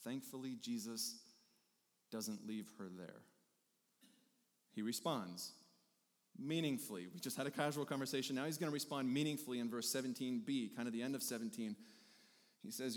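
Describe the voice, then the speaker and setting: A pastor delivering a conversational sermon, animated and repeating phrases for emphasis. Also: male voice, mid-range voice, normal speed, pauses often. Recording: hall reverb.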